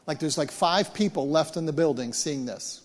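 A man preaching as a pastor, retelling events in an animated way and often repeating words as he restarts. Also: a little high, normal speed. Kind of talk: sermon storytelling. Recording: long hall reverb.

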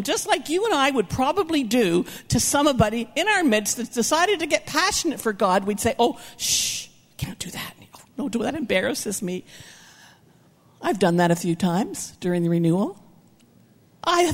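A woman's voice: high voice, fairly quick. Woman preaching animatedly in a reverberant hall. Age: older. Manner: animated, acts out characters with shouts and whispers. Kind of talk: sermon storytelling.

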